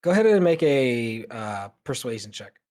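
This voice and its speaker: A man narrating as game master of a tabletop game, relaxed and meandering with many fillers. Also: medium pitch, normal speed.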